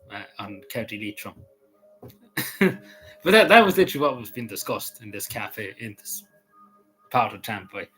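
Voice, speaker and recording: A man's voice: mid-range voice, a bit bright, low-quality recording. Rambling Irish man, chatty and joking. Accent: Irish, Cavan. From Ireland. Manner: meandering, joking, many fillers and restarts. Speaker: vlogger. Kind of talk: casual rambling chat.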